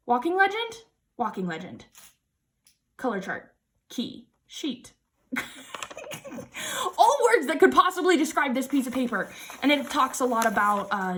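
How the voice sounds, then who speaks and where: A young woman vlogging an unboxing in casual chat, gushing and excitable, repeating exclamations and laughing often. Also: sits high. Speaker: crafting vlogger.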